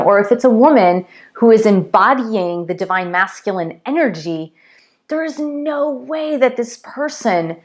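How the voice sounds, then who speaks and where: A woman giving an earnest spiritual teaching, retelling a parable and stressing her points through repetition. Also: medium pitch.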